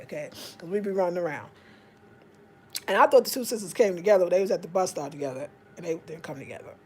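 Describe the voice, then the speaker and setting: A woman's voice: medium pitch, husky. A woman with an African American accent telling stories casually, acting out what people said in a raised voice. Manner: animated, acts out quotes in raised voice. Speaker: vlogger. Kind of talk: casual storytelling.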